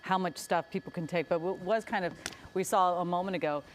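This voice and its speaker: A woman's voice: fairly low pitch, steady tone, a little fast, slight background noise. A woman anchor commenting on live footage, feeling her way through phrases. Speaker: news anchor.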